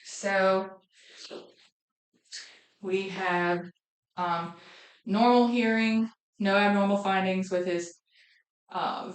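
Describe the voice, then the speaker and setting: A woman's voice: medium pitch, a bit bright. A woman methodically narrating a physical exam demonstration, listing findings aloud with occasional ums. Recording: echoey room.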